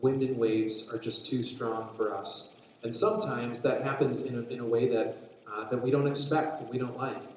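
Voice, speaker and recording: A man preaching a sermon, retelling a story in an animated way with frequent restarts. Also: mid-range voice, moderate pace. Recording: very echoey room.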